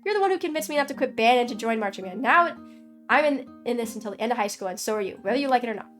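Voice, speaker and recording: A woman streamer voicing a pushy high-school bandmate in a story game, in a bossy, teasing tone close to her own voice. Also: lively intonation, very fast, a bit bright, faint music behind, close to an everyday voice.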